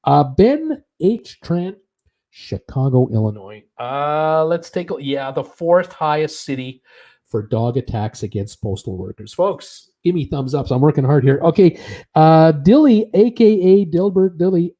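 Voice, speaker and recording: A man's voice: fairly high pitch, lively intonation, measured pace, mellow. Chatty man hosting a trivia livestream. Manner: chatty, many "uh" fillers, chuckles at his own jokes. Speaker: host of a live cruise news and trivia stream. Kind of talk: casual live-stream chat reading viewer comments.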